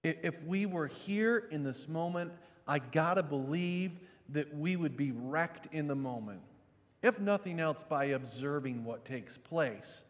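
A pastor giving a sermon, dropping to quiet, low reflection and rising to loud, emphatic preaching. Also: male voice, expressive, measured pace, in a large hall.

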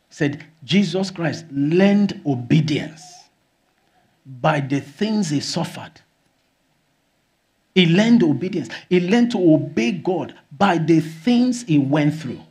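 A man preaching a sermon as pastor, often exclaiming hallelujah and rising to shouts. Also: fairly high pitch.

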